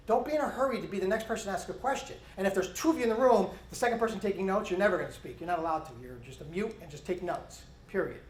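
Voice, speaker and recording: A middle-aged man gives a conference talk to police officers at a quick clip. He is animated and acts out snippets of interview dialogue. His voice rings around a roomy hall. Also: high voice. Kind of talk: conference presentation.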